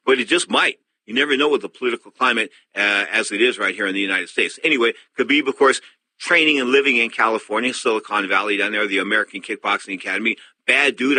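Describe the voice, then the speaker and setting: Older male sports talk host, forceful storyteller, dry studio sound. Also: mid-range voice, dry recording. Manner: animated storyteller who acts out quotes. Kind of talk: casual sports talk commentary.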